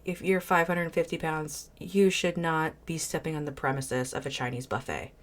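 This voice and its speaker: A woman with a notably low voice hosts a reaction video. She comments bluntly and with firm opinions, pausing to read viewer messages aloud. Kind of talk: casual commentary reacting to a clip.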